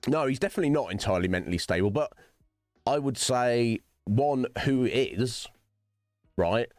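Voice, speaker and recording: A man's voice: medium pitch, lively intonation, moderate pace, darkish tone, dry recording, studio quality, soft background music. A man hosting his own livestream, chatting to viewers by name in a rambling, philosophical way and swearing freely. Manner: chats directly to viewers by name. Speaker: streamer host. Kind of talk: casual livestream chat while gaming.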